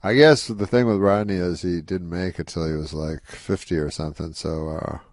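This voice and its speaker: Gravelly man telling a dry, rambling story. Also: deep voice, steady tone, normal speed, no room sound. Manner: dry, rambling, lots of "you know". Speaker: guest comedian. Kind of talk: anecdote in an interview.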